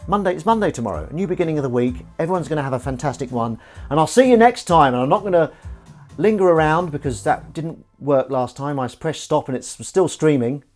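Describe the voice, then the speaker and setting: Chatty, jokey man, lively voice. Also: on the high side, fast talker, faint music behind. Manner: jokey, self-mocking, chatty, swears casually. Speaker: livestream host. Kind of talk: rambling live-stream chat while washing up.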